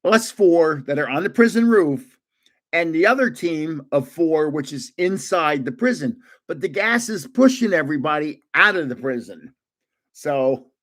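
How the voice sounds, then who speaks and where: A man in his seventies casually telling gaming stories on a livestream, laughing often as he goes. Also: fairly high pitch. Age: 70s. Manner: animated, laughs often, restarts. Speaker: livestream host. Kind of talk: casual storytelling.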